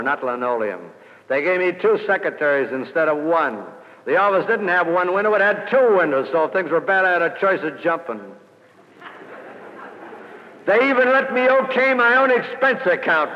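An older man giving a motivational speech to salespeople, telling an anecdote and building to loud emphatic peaks before dropping quiet again. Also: mid-range voice. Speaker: sales speaker. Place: lecture hall. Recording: old lo-fi recording in a large hall.

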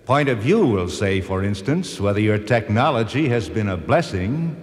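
An actor playing a reflective personification of history, speaking earnestly and gently correcting others. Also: male voice, lowish voice, lively intonation, normal speed, natural voice. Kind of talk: scripted drama narration. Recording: long reverb.

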